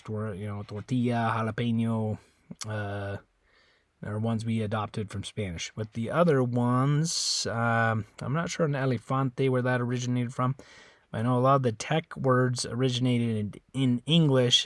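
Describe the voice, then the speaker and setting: A man teaching a beginner Spanish lesson in a relaxed, casual way, repeating words and pausing with fillers. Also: medium pitch, dry recording.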